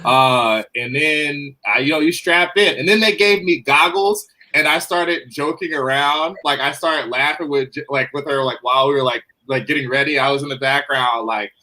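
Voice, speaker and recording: A man's voice: on the high side, moderate pace, hardly any pauses, low-quality recording. A man co-hosting a casual chat show, telling a story with jokes and quoted asides. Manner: joking, animated storyteller. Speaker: co-host.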